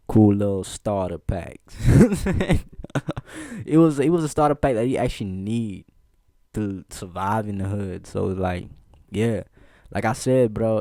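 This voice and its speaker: Lively low-voiced storyteller. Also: male voice, dry recording, studio quality. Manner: animated, laughing, slangy, frequent "bro" and "see what I'm saying". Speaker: vlogger. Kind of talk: casual storytelling.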